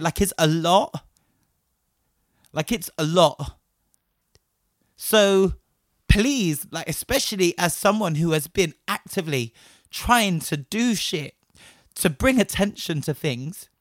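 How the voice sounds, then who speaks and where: Young guy venting hard, lotta swearing, kinda high voice, dry close sound. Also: fairly bright tone, no echo. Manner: impassioned, heavy swearing, fast bursts. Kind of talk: personal rant to camera.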